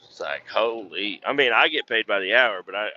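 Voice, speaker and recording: A man's voice: fairly low pitch, animated, normal speed, bright, forceful tone, highs cut off. A man driving a truck, telling rambling, profane stories in a casual vlog from inside the cab. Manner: profane, rambling storyteller with mimicked voices. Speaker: truck driver vlogger.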